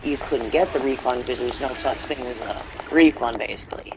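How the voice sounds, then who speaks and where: A man ranting his way through a let's play, rambling and swearing, tripping over his words with fillers and restarts. His pitch sits in a middling range. Faint crickets chirp behind him. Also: brisk, noisy background. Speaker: gaming channel host.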